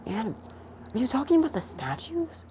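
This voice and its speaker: A woman's voice: sits high, big pitch swings, brisk, dark tone, slight background noise, voice pushed up. A woman voicing a concerned father asking his small son questions, on a dull lo-fi recording. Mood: worried. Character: worried adult father figure.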